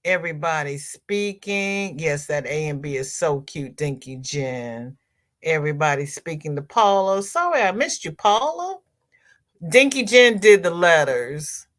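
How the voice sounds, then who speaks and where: A woman's voice: low-pitched, lively intonation, unhurried, a bit bright. A woman hosting a crochet livestream, chatting casually as she reads viewer comments aloud and answers them.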